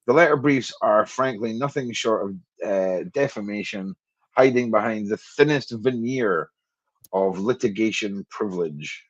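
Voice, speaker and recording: A man's voice: fairly low pitch, a little slow, no echo, muffled recording. A man hosting a podcast who stumbles and laughs at himself while reading legal text aloud. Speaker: podcast host.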